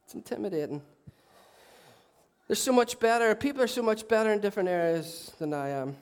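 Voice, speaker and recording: Brief: male pastor, higher-pitched voice, loose joking sermon style. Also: lively intonation, fairly quick, clean tone. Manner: chatty, self-mocking humour with asides. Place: church. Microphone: handheld mic.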